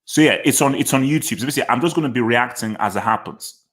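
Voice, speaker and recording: Quick and fairly bright, this mid-range male voice belongs to a football channel host doing casual live reaction commentary. He thinks out loud, says short phrases twice and starts his sentences over.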